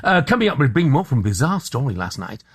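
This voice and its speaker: A man hosting a breakfast radio phone-in, brisk and good-humoured as he takes calls. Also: medium pitch, sing-song, breathy edge. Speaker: radio host.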